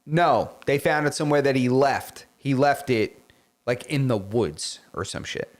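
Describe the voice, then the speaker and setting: A man's voice: medium pitch, animated, measured pace. A man co-hosting a casual podcast, chatting loosely and slipping into silly voices for jokes. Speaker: podcast co-host.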